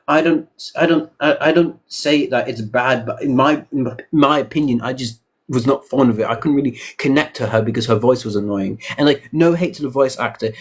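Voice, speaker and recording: A man's voice: medium pitch, husky. A man in casual podcast chat, opinionated and emphatic, with frequent "you know" asides. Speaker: podcast co-host.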